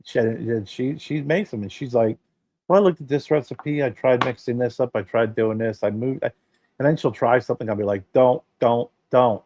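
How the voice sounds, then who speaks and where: A man's voice: mid-range voice, brisk, a little hiss or hum. A man co-hosting a podcast, telling stories in a casual, emphatic way and swearing now and then. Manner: emphatic, animated storytelling with swearing. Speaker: podcast co-host. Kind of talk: casual chat.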